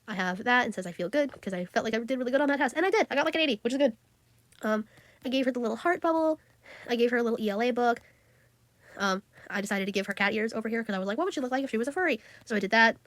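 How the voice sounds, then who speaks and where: Teen girl art vlogger, quick and chatty, bit high, dry close sound. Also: fairly bright tone, dry recording. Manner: chatty, giggly, full of fillers. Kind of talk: casual chat.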